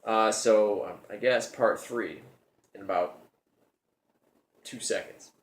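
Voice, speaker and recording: A man's voice: fairly low pitch, slow pace, roomy sound. A man hosting his own show, telling a personal story in a rambling, casual way, often repeating his words as he goes.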